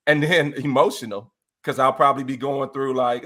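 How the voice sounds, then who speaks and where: A man's voice: mid-range voice, moderate pace. A man talking casually as a guest, laughing often and singing bits of songs. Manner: animated, laughs often, sings snippets of songs. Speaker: interview guest, R&B enthusiast. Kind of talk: casual chat.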